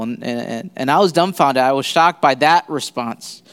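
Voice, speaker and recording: Halting man preaching in a reverberant church. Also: mid-range voice, smooth. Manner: halting, many fillers and restarts. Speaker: guest pastor. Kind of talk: sermon. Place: church sanctuary.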